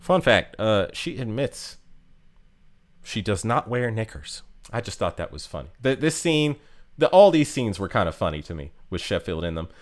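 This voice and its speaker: A man's voice: lowish voice, very animated, moderate pace, soft background music. A man casually talking through a game character ranking, rambling with many fillers and restarts. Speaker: game guide youtuber.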